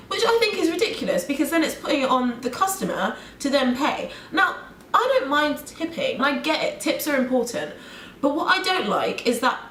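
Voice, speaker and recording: A young British woman from the UK vlogging, talking fast with an animated, exasperated tone. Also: a little high, slight background noise. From United Kingdom. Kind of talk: ranting vlog. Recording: roomy room echo.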